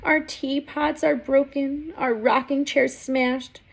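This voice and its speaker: A woman's voice: sits high, steady tone, slow pace, gravelly, exaggerated voice. A woman voicing a harried male mayor of a tiny town in a storybook read-aloud, rattling off his troubles. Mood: rattled.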